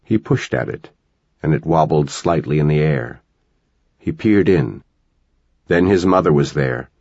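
A man narrating an audiobook in a measured, dramatic storytelling manner. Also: extremely low pitch, animated, gravelly, darkish tone, dry recording, muffled recording.

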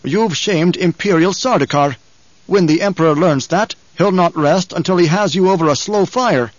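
Audiobook: man voicing a hot-tempered veteran fighter, blunt and urgent, raised and loud, dry. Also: sits high, normal speed, no room sound, dull audio, voice pushed up. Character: older male warrior, blunt, hot-tempered loyalist.

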